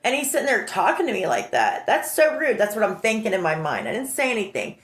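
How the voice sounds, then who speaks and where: A woman telling a personal story in an animated, indignant way, acting out the dialogue. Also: mid-range voice, fast talker. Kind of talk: emotional storytelling. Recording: roomy echo.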